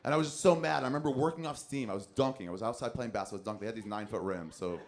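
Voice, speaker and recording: Gravelly-voiced man telling a stand-up story. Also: medium pitch, very fast, crowd noise. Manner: profane, animated, acts out quotes. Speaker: stand-up comedian.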